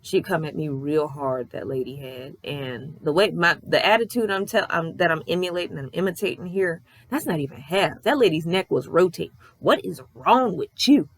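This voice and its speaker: A young woman vlogger telling a story in a casual, animated way, swearing often and ranting in exasperation. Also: sits low, brisk, few pauses.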